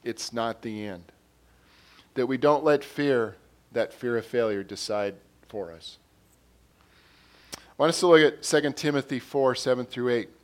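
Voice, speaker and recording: Man, preacher, earnest sermon, repeats himself, louder on scripture, medium-pitched voice. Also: unhurried. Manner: earnest, repeats phrases, rises in volume on quotes and scripture.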